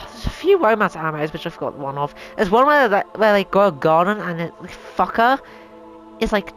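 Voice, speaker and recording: A woman's voice: medium pitch, lively intonation, moderate pace, faint music behind, poor audio. A woman hosting a casual opinion rant at home, rambling, swearing a lot and sounding exasperated. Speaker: channel host. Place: home room.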